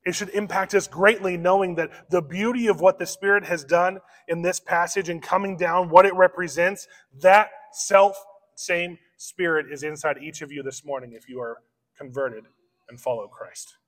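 A man preaching an expository sermon as pastor, slowing down to stress key phrases. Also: high-pitched, a bit bright. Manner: expository preaching, slows for emphasis. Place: church sanctuary. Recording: long church reverb.

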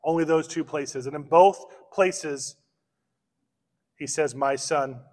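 Guy preaching a sermon, kinda high voice, church echo behind him. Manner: expository preaching, slows for emphasis. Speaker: pastor. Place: church sanctuary. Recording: long church reverb.

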